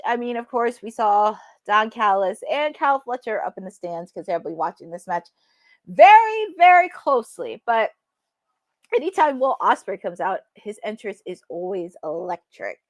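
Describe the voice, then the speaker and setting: Woman host, chatty and excitable, bouncing high voice, lively pitch, dry close sound. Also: no room sound. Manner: chatty, excitable, laughs often. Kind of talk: live wrestling watch-along commentary.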